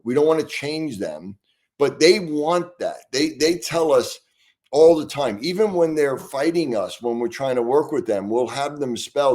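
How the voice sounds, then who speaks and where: A man's voice: mid-range voice, animated, unhurried, a little mellow. Man, interview guest, earnest, passionate, conversational, frequent restarts. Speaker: guest brain expert.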